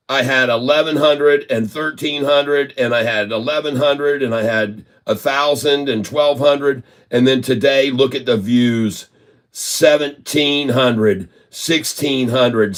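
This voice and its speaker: Effusive, folksy male trading streamer. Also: medium pitch. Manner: laughs often while talking. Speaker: stock trading live-streamer. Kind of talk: live-stream trading commentary.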